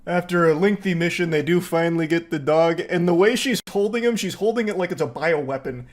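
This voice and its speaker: A man's voice: high voice, quick pace, hardly any pauses. A man giving sarcastic, joking commentary on a video clip, swearing and laughing as he goes. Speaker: reaction commentator. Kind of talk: casual commentary.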